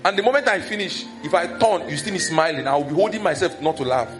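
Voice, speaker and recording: A man's voice: fairly high pitch, fast talker, over music. A man with a Nigerian accent preaching a sermon as pastor, acting out gossip and scolding in a raised voice. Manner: animated, acts out scolding and village gossip in raised voice.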